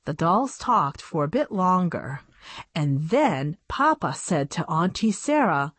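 A woman narrating a children's storybook in an expressive reading voice. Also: fairly low pitch, takes it slowly, husky, no echo. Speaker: audiobook narrator.

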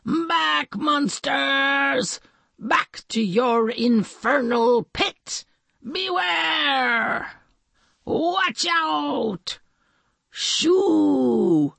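A woman voicing a boastful boy superhero who shouts big catchphrases at monsters in a children's storybook. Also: sits high, expressive, very slow, gravelly, no echo, pitched above the performer's own voice, exaggerated voice. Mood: blustering.

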